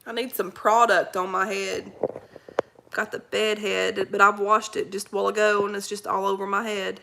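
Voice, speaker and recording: A woman's voice: medium pitch, level tone, moderate pace, creaky, bright, forceful tone. A woman hosting a casual live chat, greeting viewers by name, rambling in folksy slang and laughing often. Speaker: livestream host reading viewer comments.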